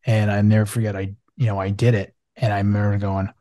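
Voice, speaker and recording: A man's voice: on the low side, flat delivery, fast talker, mellow, dry recording. A male podcast host telling a personal story in a casual, eager and emphatic way.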